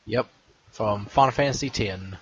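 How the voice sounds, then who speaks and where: A man's voice: on the low side, normal speed, dull audio, slight background noise. A man co-hosting a casual podcast, trading dry, sarcastic comebacks. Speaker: podcast co-host. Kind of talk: casual chat.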